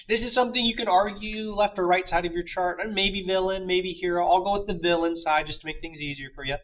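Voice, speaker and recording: Bright-voiced casual male teacher. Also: sits high, steady tone, fast talker, few pauses, rough recording. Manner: chatty, loose, many fillers, playful asides. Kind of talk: casual classroom lecture.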